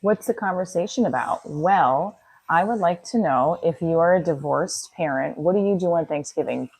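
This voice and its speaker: A woman's voice: fairly low pitch, moderate pace, a little mellow, low-quality recording. A woman in her thirties chatting casually to viewers in a home kitchen while making coffee, rambling and talking as she works. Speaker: vlogger. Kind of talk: casual livestream chat.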